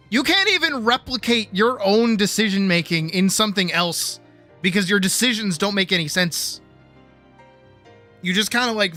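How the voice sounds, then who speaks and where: A man's voice: high-pitched, sharp tone. A man streaming art who lectures viewers in a blunt, teasing way, with profanity and playful bravado. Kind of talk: casual live-stream art lesson.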